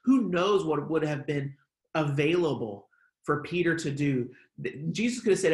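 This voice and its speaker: Male pastor, chatty, filler-heavy, slightly higher voice, echoey room. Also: lively intonation, moderate pace. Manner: conversational, many fillers like "like" and "um". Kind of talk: casual online sermon.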